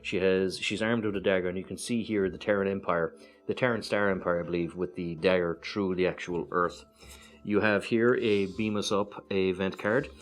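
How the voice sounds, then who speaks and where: An Irish man casually walking through a board game's cards one by one, relaxed and hesitant, with many fillers and chatty asides. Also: low voice, normal speed. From Ireland. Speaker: board game reviewer. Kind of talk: casual card-by-card walkthrough.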